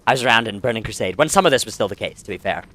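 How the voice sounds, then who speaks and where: Bright-voiced man doing chatty game commentary. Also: lowish voice, lively intonation, racing. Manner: chatty and rambling, with frequent self-corrections. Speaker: let's play host. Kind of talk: casual gameplay commentary.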